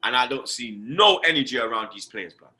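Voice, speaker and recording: A man's voice: medium pitch, fairly quick. Brash man ranting about football. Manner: animated, swearing, slangy, with repeated "you understand" and "blood". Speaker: host. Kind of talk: casual football fan rant.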